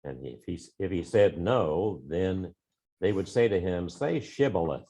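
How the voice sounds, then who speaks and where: A man in a Bible class reading scripture aloud in a steady, measured way. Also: deep voice. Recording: dull, muffled room recording.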